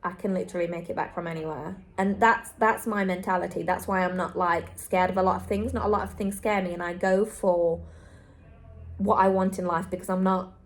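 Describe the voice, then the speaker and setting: A young woman travel vlogger speaks candidly to camera in a heartfelt, earnest monologue, repeating herself for emphasis. Her voice sits on the low side, steady in tone and fairly quick.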